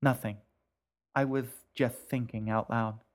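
Sarcastic bored teen girl, snappy and a bit slow, read by a man. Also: medium pitch, steady tone, natural voice. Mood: irritable.

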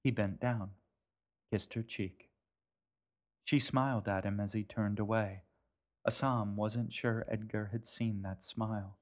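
A man, the author, narrating his own story in a gentle, measured way. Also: lowish voice, steady tone. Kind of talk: audiobook narration.

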